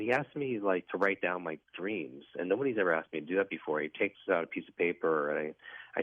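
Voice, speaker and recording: A man's voice: sits low, dry recording. A man telling his personal story as a guest in a radio interview, in an earnest, reflective way. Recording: dry tinny phone line.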